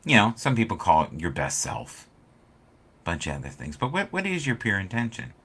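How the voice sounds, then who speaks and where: A man hosting a casual spiritual chat stream, telling stories and acting out quoted people with big swings in loudness. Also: lowish voice, huge pitch swings, moderate pace, gravelly, slightly rough. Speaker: livestream host.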